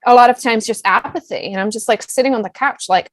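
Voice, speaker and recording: High-voiced woman with a foreign accent. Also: fast, hardly any pauses, no room sound. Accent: non-US foreign accent. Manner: animated, fillers like "like" and "right?". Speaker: guest, business coach. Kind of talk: personal storytelling in a podcast interview.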